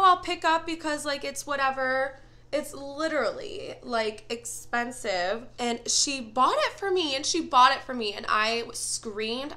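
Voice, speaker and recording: Young woman, beauty vlogger, bright voice, gushing and excitable, casual makeup review, indoors. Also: fairly high pitch.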